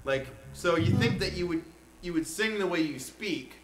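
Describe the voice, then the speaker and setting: A man's voice: sits high, expressive, moderate pace, a bit bright, reverberant, soft background music. A man chatting casually between songs, rambling and laughing often. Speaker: singer.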